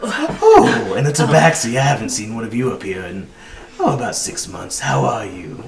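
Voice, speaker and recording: A man's voice: medium pitch, very animated, moderate pace, gravelly, reverberant, over a noisy crowd. A man voicing a large, old, doting male orc shopkeeper in a tabletop game, chatty and fussing over his customers. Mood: cheerful.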